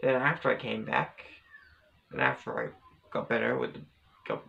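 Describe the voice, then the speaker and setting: A man's voice: medium pitch, big pitch swings, moderate pace, vocal fry, sharp tone, muffled recording, slight background noise. A man vlogging casually, telling a personal story in a rambling, hesitant way with many restarts.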